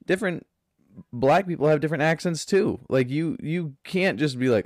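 A man's voice: fairly high pitch, normal speed, no echo, studio quality. A man from Florida hosting a solo podcast, laid back, rambling and crude in his chat. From Pensacola, Florida. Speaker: podcast host.

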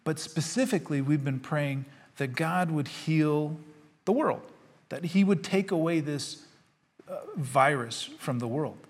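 A man's voice: fairly high pitch, measured pace. A male pastor giving a sermon, earnest and conversational, rising to fervor when he reads scripture. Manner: conversational with fillers and repetitions. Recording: long hall reverb.

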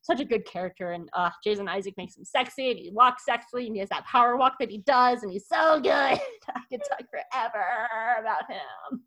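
A woman's voice: on the high side, fast, few pauses, a bit bright, low-quality recording. Gushing, rambling woman podcast host. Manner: gushing, rambling with many restarts. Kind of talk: casual podcast chat.

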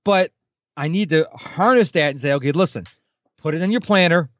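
A man's voice: on the high side, brisk, no room sound, muffled recording. A man in his fifties, a podcast guest, talking animatedly in a casual interview and acting out the people he quotes. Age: 50s.

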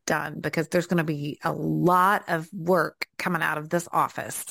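Southern woman with a gravelly voice. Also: low voice, fairly even intonation, normal speed, a bit bright, no echo. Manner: chatty, rambling, with fillers and laughs. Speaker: podcast co-host. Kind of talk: casual faith podcast chat.

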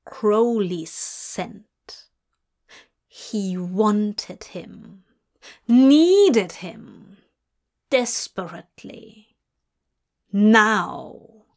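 A woman giving a steady, measured narration of a fan-fiction story. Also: mid-range voice. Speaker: audiobook reader.

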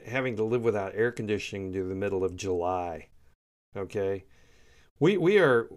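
A man giving heated, emphatic political commentary, often repeating himself for emphasis. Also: lowish voice. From United States. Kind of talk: opinionated solo commentary.

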